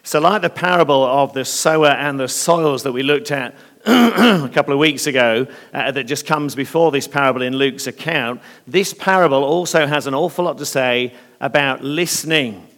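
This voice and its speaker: A slightly hoarse man preaching a sermon in earnest, often pausing on fillers. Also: mid-range voice. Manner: earnest, with hesitant fillers and softening in prayer. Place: church. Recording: long reverb of a church hall.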